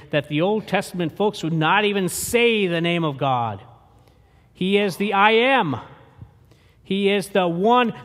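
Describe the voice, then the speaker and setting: A man preaching a sermon as pastor, slow and emphatic, with dramatic pauses. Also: high voice, big-room sound.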